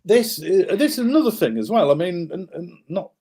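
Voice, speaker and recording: A man's voice: sits high, normal speed, husky. A man, guest author, animatedly recounting a wartime story while showing maps, with many fillers and restarts. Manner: animated, acts out the people in his story.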